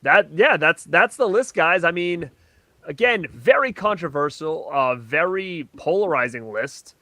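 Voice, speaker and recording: A man with a bright, forceful voice chats loosely about horror films, laughing often and filling gaps with easy asides. His voice sits a touch high for a man, and the sound is dry and close, with no room around it. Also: lively intonation, measured pace, no echo. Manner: laughs often, loose and chatty, many fillers. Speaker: co-host of a horror movie show. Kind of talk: casual chat reviewing a ranked list.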